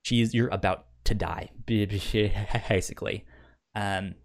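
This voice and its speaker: A man's voice: lowish voice, steady tone, creaky. Stammering man recapping a TV show. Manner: stammers and repeats syllables often, swears freely; acts out characters' lines in quick quoted bursts. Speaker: podcast co-host recapping a TV series. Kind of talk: casual chat.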